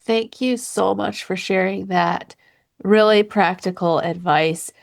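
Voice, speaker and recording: A woman's voice: mid-range voice, takes it slowly, creaky. A woman hosting a podcast interview who answers her guest with appreciative responses. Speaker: podcast host.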